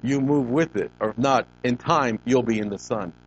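A man's voice: mid-range voice, normal speed. A male pastor preaching a sermon, building to emphatic rises and stretching out key words. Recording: dull lo-fi recording with faint noise.

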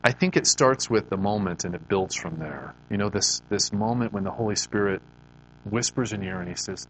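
A man with a fairly low voice gives an earnest, conversational devotional talk. He speaks with faith, and often restarts his sentences with repeated words. A faint hum sits behind him. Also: brisk, a bit bright, low-quality recording. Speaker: Christian speaker.

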